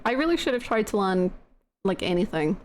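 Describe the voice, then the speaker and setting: A woman's voice: mid-range voice, big pitch swings, brisk, a little hiss or hum. A woman streamer chatting casually and laughing at herself while she plays a video game, with game music behind. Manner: giggly, self-deprecating chatter.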